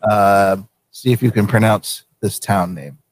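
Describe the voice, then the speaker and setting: A man's voice: lowish voice, unhurried. Easygoing man hosting a live show. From Vermont. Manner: easygoing, laughs often. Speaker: show host. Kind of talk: casual chat on a live show.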